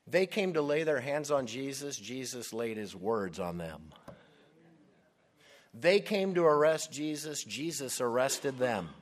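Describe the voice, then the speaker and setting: A male pastor preaches at an unhurried, measured pace, leaning hard on key words for dramatic weight. His voice sits at an ordinary middle pitch. It rings out with a long reverb, as in a large hall or church. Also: lively intonation. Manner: emphatic preaching, slow and deliberate with dramatic stresses. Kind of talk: sermon.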